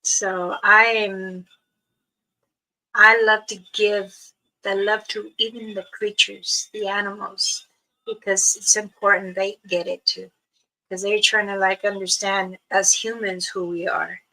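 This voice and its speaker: An older woman, a spiritual elder, talking casually to her viewers in a slow, soft, halting way with many pauses. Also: mid-range voice, flat delivery, rough recording. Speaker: spiritual elder and channel host.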